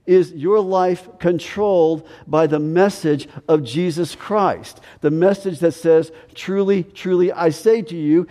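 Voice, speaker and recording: Preaching man in a reverberant church. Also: a little high. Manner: earnest preaching, repeats words, swings from loud to quiet. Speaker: pastor. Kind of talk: sermon. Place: church sanctuary. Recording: long hall reverb.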